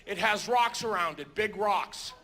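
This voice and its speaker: A male stand-up comedian telling animated stories on a theater stage, breaking into sudden shouts. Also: sits high, measured pace. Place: theater stage before a live audience.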